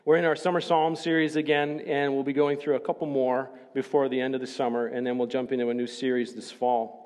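A man preaching as a pastor, joking casually with the congregation before slowing down to read scripture solemnly. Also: medium pitch, level tone, darkish tone, in a large hall. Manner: chatty and joking, then slow solemn scripture reading. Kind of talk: sermon. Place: church sanctuary.

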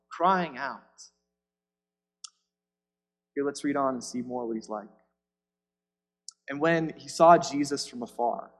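A man's voice: fairly high pitch, in a large hall. A man preaching a sermon, reading scripture and explaining it in a conversational way that checks in with listeners.

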